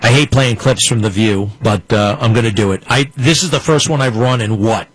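A man's voice: medium pitch, moderate pace, husky, no room sound, rough recording. A man hosting a political commentary show, ranting in a combative, mocking way from a studio.

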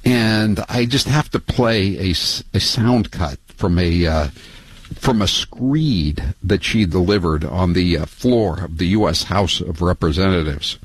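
An older man hosting a talk radio show, rambling and sarcastic, with many halting restarts. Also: low-pitched, husky, dry recording, poor audio.

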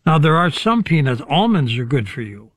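A man's voice: on the high side, sing-song, moderate pace, dry recording, studio quality. A man hosting a talk show who asks short questions. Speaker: radio show host. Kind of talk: casual radio talk.

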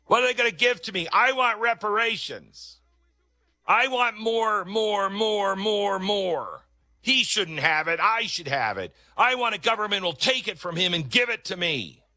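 A man's voice: sits high, animated, a little slow, bright, forceful tone, dry recording, voice pushed up, exaggerated voice. A man mocking a whiny, greedy grown man. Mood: greedy whine.

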